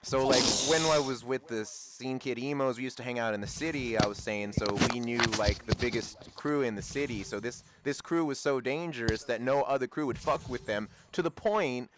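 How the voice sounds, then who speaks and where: A man's voice: mid-range voice, moderate pace, few pauses, slight background noise. A young man chatting casually while gaming, rambling through a story with frequent swearing and laughter. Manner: rambling, profane, laughs often. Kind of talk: casual chat.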